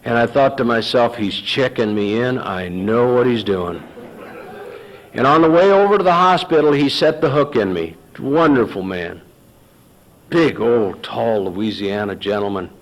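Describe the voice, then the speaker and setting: A man's voice: medium pitch, lively intonation, unhurried, low-quality recording. Middle-aged man, folksy storyteller, quotes dialogue. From Texas. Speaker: recovery meeting speaker. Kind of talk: personal story told to an audience.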